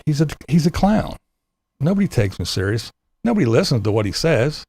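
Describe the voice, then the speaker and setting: Gravelly, animated ranting man. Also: mid-range voice, a little fast, no echo. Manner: profane, exasperated ranting. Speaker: channel host. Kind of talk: ranting vlog monologue.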